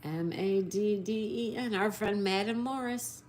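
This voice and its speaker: A woman's voice: medium pitch, a little slow, darkish tone, slight background noise. A woman hosting a casual live stream, spelling out answers letter by letter and reading viewer comments aloud.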